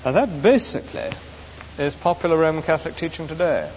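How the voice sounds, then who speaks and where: Preacher in an echoey hall. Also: male voice, on the high side, expressive, fairly quick, a little mellow. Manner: earnest, emphatic, expository. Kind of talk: sermon. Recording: dull echoey hall recording with faint hiss.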